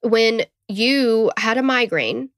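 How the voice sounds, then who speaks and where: A woman with a Southern US accent, co-hosting a true crime podcast in a relaxed, chatty way. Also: fairly high pitch, takes it slowly, no echo, clean studio sound. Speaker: podcast co-host. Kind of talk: casual true crime storytelling.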